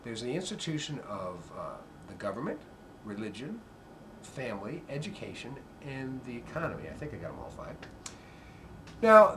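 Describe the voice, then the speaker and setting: Animated, emphatic man lecturing live. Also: on the high side, slight background noise. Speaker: performer and speaker. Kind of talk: live spoken commentary at a coffee house. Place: church coffee house, live audience.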